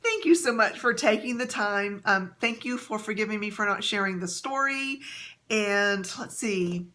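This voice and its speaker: A woman vlogging casually, chatting gently with many fillers and soft laughs as she shows items and tells a story. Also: mid-range voice, expressive, moderate pace. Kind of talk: casual haul and story vlog.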